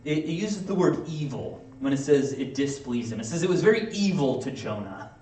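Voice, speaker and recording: A man preaching a sermon in a casual, conversational way, acting out quick playful asides. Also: medium pitch, expressive, warm tone. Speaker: pastor. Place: church sanctuary. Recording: echoey room, mic from a distance.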